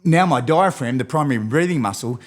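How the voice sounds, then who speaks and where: An Australian man talking as a podcast guest and movement expert, energetic and animated, coaching the host as he explains. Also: mid-range voice, brisk. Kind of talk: enthusiastic podcast interview talk.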